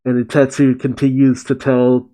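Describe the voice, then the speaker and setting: A man's voice: medium pitch, completely flat delivery, normal speed, dark tone, poor audio. A man casually recapping a comic chapter as a reaction host, swearing and reacting with feeling. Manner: casual, swears, emotional asides.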